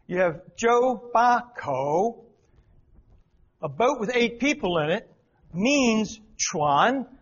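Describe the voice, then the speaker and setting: A high-pitched man, a missionary teacher, gives a folksy church talk explaining Chinese characters, repeating words for emphasis. The recording is dull, muffled, and lo-fi.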